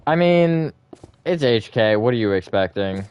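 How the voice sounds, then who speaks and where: A man's voice: mid-range voice, expressive, a little slow, darkish tone, clear, resonant tone, no room sound, highs cut off. A man hosting a live stream, chatting casually with viewers in a rambling, self-correcting way and laughing often.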